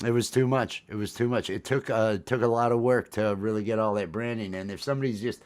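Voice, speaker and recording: Low-voiced man hosting a casual livestream. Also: steady tone, quick pace, clear, resonant tone. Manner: mumbled whispering asides before the show; loud upbeat show greeting. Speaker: livestream host. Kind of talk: casual comedic livestream chat.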